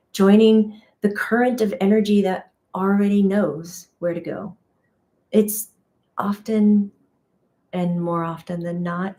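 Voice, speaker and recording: A woman's voice: mid-range voice, mellow. A woman teaching intuition in a chatty livestream talk, often laughing at herself and restarting phrases. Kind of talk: casual spiritual teaching on a livestream.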